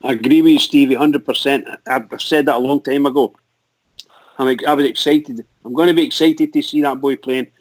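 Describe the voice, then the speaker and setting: A Scottish man chatting excitedly about football on a fan radio show, laughing a lot and tripping over his words. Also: medium pitch, a little fast, no room sound, rough recording. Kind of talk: casual football chat.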